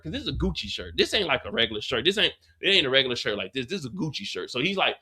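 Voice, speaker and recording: A man hosting a live after-show, recapping an episode in an animated, slangy way with lots of restarts and repeats. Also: fairly high pitch, quick pace, few pauses. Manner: profane, slangy storytelling.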